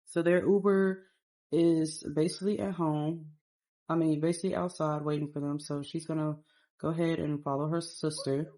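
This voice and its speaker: Brief: rambling casual game narrator, woman, lowish warm voice. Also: little pitch movement, moderate pace. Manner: rambling, storytelling.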